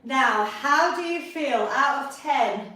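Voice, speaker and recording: A woman's voice: high-pitched, animated, slow, sharp tone. A middle-aged woman, leading a live online workout class for seniors as a fitness instructor, upbeat and encouraging as she counts down the reps. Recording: very echoey room, voice from far off.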